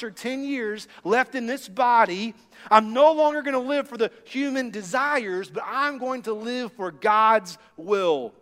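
A male senior pastor preaching a sermon, telling stories and swinging between hushed and emphatic delivery. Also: very high-pitched, long reverb tail.

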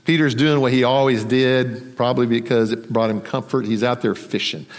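A man preaching a sermon, conversational and animated, acting out the voices in the story. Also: mid-range voice, normal speed, long reverb tail. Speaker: pastor.

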